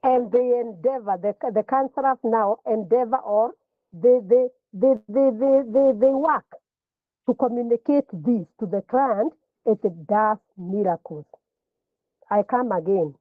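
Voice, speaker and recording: A woman's voice: a little high, dry recording. A woman lecturer teaching a counselling class, explaining at length and often repeating words and restarting phrases. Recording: tinny phone-like line.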